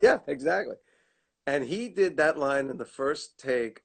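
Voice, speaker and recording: Animated, laughing man telling stories. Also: a little high, measured pace, gravelly, husky. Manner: animated storyteller, laughs often. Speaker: guest actor. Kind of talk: casual reminiscing chat. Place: at home. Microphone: video call.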